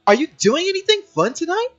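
A man reading a young woman's phone lines in a game, flat and halting, in nearly his own voice. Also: very high voice, muffled recording, voice pushed up, heavily acted. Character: young woman phoning a friend.

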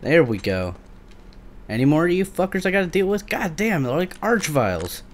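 A man's voice: a little high, big pitch swings, moderate pace, slight background noise. Jittery swearing man playing a horror game. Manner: jittery, swearing, talking to monsters. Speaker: gameplay commentator. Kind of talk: let's play commentary.

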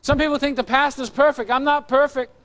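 A man preaching as a pastor, chatty and joking, teasing the congregation and asking them to shout. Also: very high voice, fairly even intonation, a little fast. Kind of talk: sermon. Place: church. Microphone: recorded on tape in the room.

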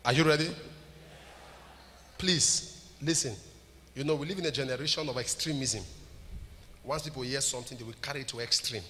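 A man's voice: mid-range voice, a little fast, pauses often, bright, forceful tone. A man preaching a sermon as a pastor, urging the congregation to repeat his words after him. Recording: long hall reverb with faint ambient noise.

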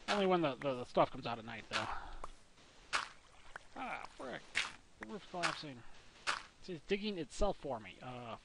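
A man's voice: medium pitch, creaky. A young man giving casual, goofy, rambling commentary as he plays a game, talking to himself and his viewers. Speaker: let's play gamer. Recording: noisy home mic recording.

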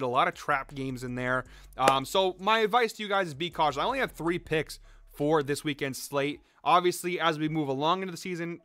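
A fired-up young man hosts a betting picks show, with a hyped, salesy delivery. His voice sits a bit high and comes across bright and forceful, and he talks fast. It is recorded close and dry. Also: no room sound. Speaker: sports betting show host. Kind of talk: energetic betting picks talk.

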